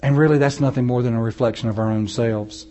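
A man preaching a sermon, moving between loud, rising passages and low, slow, soft ones, chuckling often. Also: steady tone. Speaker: pastor.

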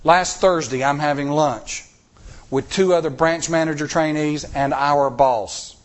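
Animated man preaching a sermon. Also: a little high, unhurried. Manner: animated, rising to emphatic peaks. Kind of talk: sermon with personal stories. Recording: recorded sermon tape.

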